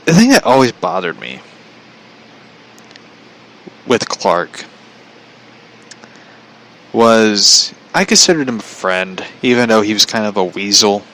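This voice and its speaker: A man's voice: fairly low pitch, big pitch swings, slow pace, long pauses, fairly bright tone, rough recording. A man casually telling a personal story, chatty, relaying a conversation line by line and laughing often.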